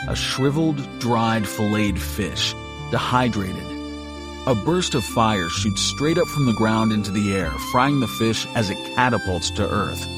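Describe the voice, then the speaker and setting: In a fairly low voice, a man reads an audiobook aloud, his scripted narration steady and measured like a storyteller's.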